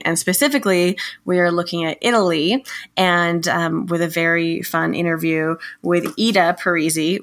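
A woman's voice: deep voice, creaky, fairly bright tone. A woman co-hosting a podcast and interviewing a guest, chatty, laughing often and correcting herself as she goes. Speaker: podcast co-host, attorney.

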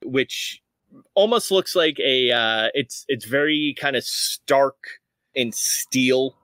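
A man's voice: mid-range voice, expressive, takes it slowly, fairly bright tone, no room sound. A man narrating as game master of a tabletop game, rambling with many fillers.

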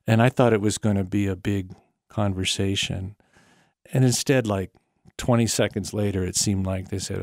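A man telling a personal story in an unhurried, wry way, with small quiet laughs between lines. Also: mid-range voice, no room sound, studio quality. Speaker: storyteller guest. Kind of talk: personal story told to an interviewer.

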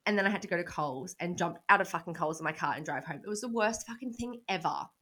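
A woman in her twenties with an Australian accent, co-hosting a casual podcast and telling stories with lively quoted asides. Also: lowish voice, fast talker, crowd noise. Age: 20s. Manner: storytelling, swears freely, animated quoted asides. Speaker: podcast co-host. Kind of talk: casual chat.

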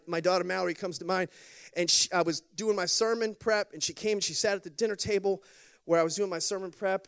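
A man's voice: high voice, a bit bright. A man preaching a sermon as a pastor in a church, talking in a conversational storytelling way, with lots of repetition and calls for the congregation to respond.

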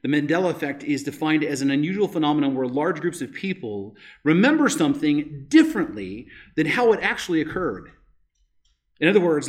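Man, pastor, sermon, conversational, rhetorical questions, fairly high pitch. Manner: conversational preaching, frequent rhetorical "right?".

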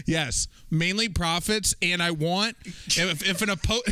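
Bright, crisp-voiced man joking profanely. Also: high voice, a little slow, dry recording. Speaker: sports podcast co-host. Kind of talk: casual sports chat.

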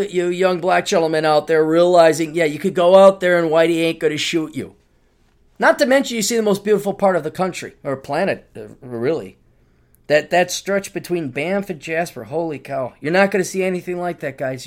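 A man's voice: on the high side, a little fast. A middle-aged man hosting a podcast, telling travel stories in a loose, rambling way and laughing as he goes. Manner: rambling, animated storytelling with laughter. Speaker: podcast host. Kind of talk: casual monologue.

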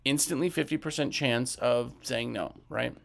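A man's voice: medium pitch, moderate pace, gravelly. A man giving a casual talk on selling window cleaning, acting out sales dialogue and often checking in with "right?". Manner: conversational, acts out sales dialogue, frequent "right?". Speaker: window cleaning business trainer.

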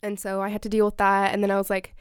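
A woman's voice: medium pitch, monotone, fast, clean tone, dry recording, clean studio sound. A young woman chatting casually, telling a story with lots of "like" and quoted dialogue. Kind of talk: casual chat.

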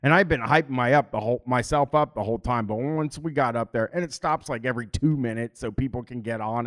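A man's voice: medium pitch, quick pace, few pauses, fairly bright tone. A man hosting a casual stream, blunt and joking, with frequent swearing. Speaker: stream host. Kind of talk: casual chat.

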